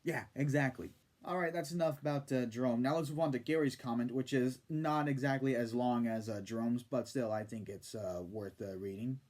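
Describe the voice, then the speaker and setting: A man's voice: mid-range voice, normal speed, a little mellow. A man ranting in casual video commentary, sarcastic and profane. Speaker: YouTube commentator.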